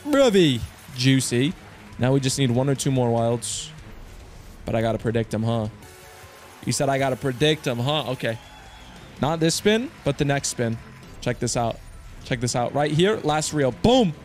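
A man hosting his own channel, commenting excitedly to viewers with slang, swearing and loud outbursts. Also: medium pitch, moderate pace, pauses often, soft background music. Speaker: slots streamer host.

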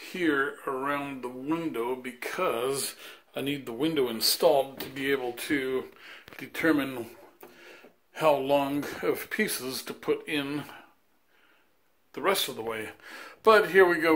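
In a bathroom under renovation, a tile installer walks through his tiling work step by step in a casual how-to, plainly explaining each stage. His voice sits at medium pitch with a slightly bright quality, and he says "uh" and "um" often.

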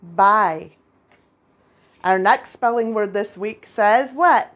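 A woman teaching first graders a spelling lesson, patient and clear, repeating each word for the children. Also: mid-range voice, slow pace, long pauses. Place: international school.

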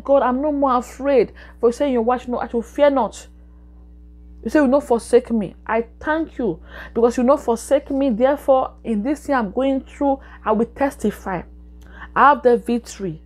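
A woman's voice: a little high, darkish tone. A woman preaching a sermon and leading a prayer, repeating her phrases with emphatic, exhorting delivery.

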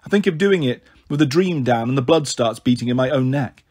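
A man reading a novel aloud in an expressive, lively storytelling manner. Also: mid-range voice, fairly quick.

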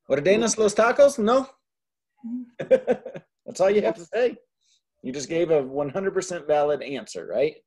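A man's voice: fairly high pitch, darkish tone, slightly rough. A man tutoring a Spanish class, explaining grammar patiently in a casual way. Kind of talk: online tutoring session.

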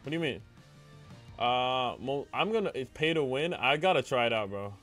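A man's voice: mid-range voice, moderate pace, faint music behind. A young man streaming a live game, chatting with his viewers and crying out in dismay when plays go wrong. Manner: excitable, talks to chat, cries out when things go wrong. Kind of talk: live gameplay commentary.

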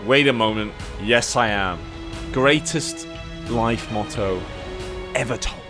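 A man streaming a video game, chatting casually, reading its text aloud, swearing and yelping with excitement. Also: moderate pace. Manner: excitable, swears and laughs, jumps into high yelps. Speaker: livestreaming gamer. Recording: game music playing under the voice. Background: game music.

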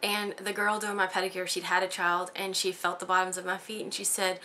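A woman vlogging casually to camera, chatty and expressive, full of fillers and quoting her own reactions. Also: lowish voice, fairly quick, hardly any pauses, a little hiss or hum. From United States.

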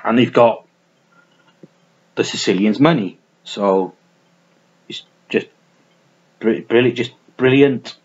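A man chatting casually to camera about his film collection, rambling and swearing with many restarts and self-mocking asides, in a small warm room at home. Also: medium pitch, slow pace, pauses often, dull audio. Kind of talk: casual unscripted chat to camera.

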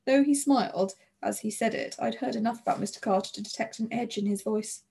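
A woman reading a children's novel aloud in lively, expressive first-person narration. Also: on the high side, brisk, creaky, slight background noise. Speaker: audiobook narrator.

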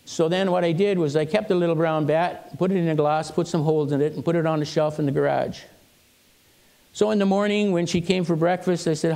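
An older male pastor preaching in a church, his voice somewhat high for a man and gravelly. He tells stories in a relaxed, conversational way and acts out the people he quotes. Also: brisk. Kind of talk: sermon with personal stories.

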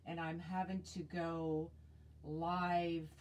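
Speaking slowly and flatly in a fairly low, darkish voice, a woman demonstrates wreath-making live in a casual way. She converses with viewers and thinks aloud with fillers, recorded on a tablet mic.

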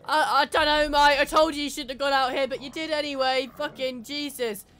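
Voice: high voice, little pitch movement, a little fast, a bit bright. A gamer giving casual, jokey commentary while playing, laughing and swearing often. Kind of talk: casual let's-play commentary.

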